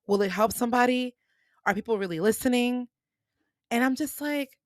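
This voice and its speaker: A young adult woman hosting a podcast and telling personal stories in a lively way, acting out what people said to her. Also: a little high, moderate pace, no echo. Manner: animated, acts out quoted dialogue. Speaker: podcast host. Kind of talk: personal storytelling monologue.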